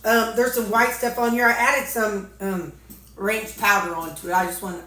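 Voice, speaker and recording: Speaking at a normal pace with a steady, medium-pitched voice that sounds pushed and bright, a Missouri woman who vlogs about weight loss jokes casually over a meal. Her words come out through a mouthful of food, and the space is reverberant.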